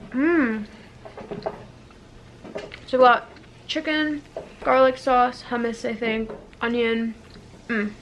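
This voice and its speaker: A woman's voice: fairly high pitch, steady tone, takes it slowly, long pauses, slight background noise. A young Canadian woman in her twenties chatting casually to a handheld camera as a vlogger, rambling with lots of fillers. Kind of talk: casual vlog chat to camera. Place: home and outdoors in winter.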